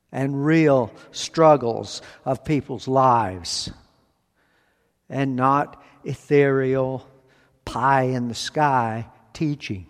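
A man preaching a sermon from the pulpit, speaking in slow, deliberate phrases with long pauses. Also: mid-range voice. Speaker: pastor. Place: church sanctuary. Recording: long hall reverb.

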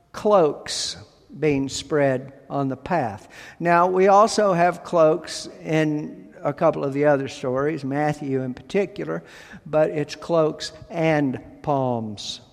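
A man preaches in a slow, deliberate way, stressing key words and pausing often. His voice sits a little high for a man. The sound rings with the long reverb of a large hall. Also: vocal fry. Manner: deliberate, emphatic preaching with pauses. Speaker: pastor. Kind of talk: sermon.

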